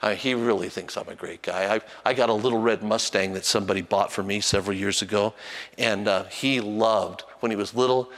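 Older male pastor preaching in a hall. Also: brisk. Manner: storytelling, animated, voice jumps high when acting out a child. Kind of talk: sermon.

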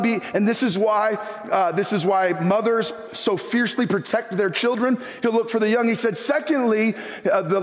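High-voiced pastor in a reverberant church. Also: male voice. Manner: storytelling, animated, repeats words. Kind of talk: sermon with personal story. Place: church sanctuary.

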